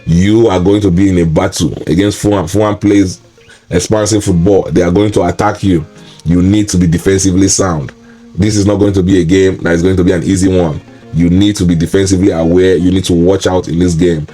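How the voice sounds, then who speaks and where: Low, dark male voice, exasperated football preview rant, faint guitar music underneath. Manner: exasperated, repetitive ranting. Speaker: football pundit and show host. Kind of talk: solo match preview commentary.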